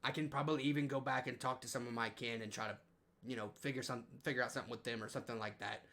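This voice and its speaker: A man playing an easygoing, gravelly adventurer. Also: mid-range voice, steady tone, very fast, bright, forceful tone. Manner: laid-back, reassuring.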